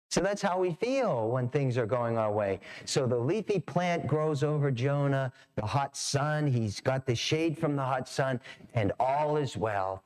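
A man's voice: mid-range voice, lively intonation, unhurried, darkish tone. A middle-aged man preaching a sermon as pastor, storytelling with animation and acting out voices. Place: church sanctuary.

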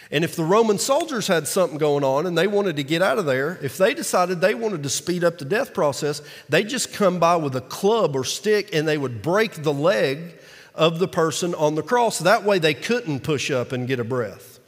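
A man's voice: fairly high pitch, lively intonation, moderate pace. A male pastor, preaching a conversational sermon that acts out scripture quotes. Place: church sanctuary. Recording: long reverb of a large hall.

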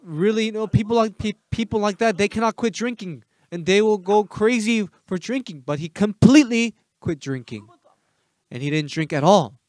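Emphatic preaching man, higher-pitched. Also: normal speed, no room sound. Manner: emphatic, asks the congregation rhetorical questions; swings between loud urging and soft asides. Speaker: pastor. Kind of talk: sermon.

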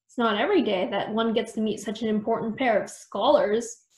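A jolly old male professor rodent who bursts out in booming exclamations, as a woman reads him aloud. The voice sits fairly high and rings in a roomy space. It is a storybook figure, eager and welcoming. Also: brisk, a little mellow, natural voice. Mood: jovial. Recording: roomy echo.

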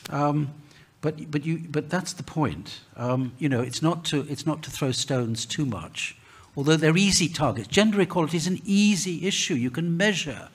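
A man speaking on a conference panel, halting with many restarts and fillers. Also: on the high side, husky. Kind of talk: panel discussion.

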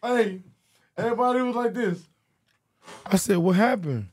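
A man chatting as a podcast guest, telling animated stories full of restarts and repeated phrases. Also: sits high, normal speed, husky. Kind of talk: casual podcast chat.

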